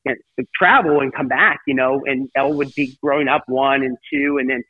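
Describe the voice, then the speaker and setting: A man's voice: mid-range voice, moderate pace, breathy edge, no echo. A middle-aged man, an interview guest, telling a personal story in a rambling way full of "you know" fillers. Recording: tinny phone-line sound, dry.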